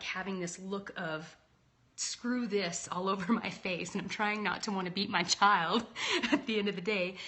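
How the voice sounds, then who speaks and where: A woman's voice: mid-range voice, fairly bright tone. A woman in her thirties, a leadership coach, talking casually and candidly to livestream viewers and often checking in with "right?". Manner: chatty and candid, with frequent "right?" asides. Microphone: phone or laptop livestream.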